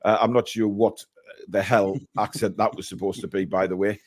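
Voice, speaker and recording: A man's voice: fairly low pitch, fairly even intonation, moderate pace. A man hosting a casual live stream, reading out viewer messages and giving blunt opinions.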